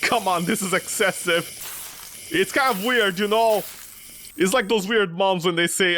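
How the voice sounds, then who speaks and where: High-voiced man joking through a horror game. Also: measured pace, sharp tone, a little hiss or hum. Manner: joking, rambling, mock outrage with sudden yelps. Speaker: gaming streamer. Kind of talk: comedic let's play commentary.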